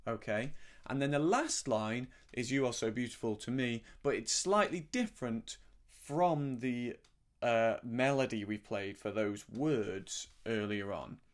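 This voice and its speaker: A middle-aged man teaching a harmonica lesson in a relaxed, gentle, explanatory way, sometimes humming syllables to show a sound. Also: medium pitch, measured pace. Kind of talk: relaxed spoken music lesson.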